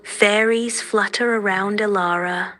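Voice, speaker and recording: A woman narrating a fairy tale in a gentle, measured, dreamy manner. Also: mid-range voice, steady tone, soft background music. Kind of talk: soft storytelling narration.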